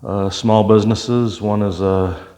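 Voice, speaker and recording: An older man, a retired police officer, telling his life story in a relaxed interview, with many pauses and "uh"s. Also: on the low side. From Michigan, US. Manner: unhurried, reflective, frequent "uh" pauses.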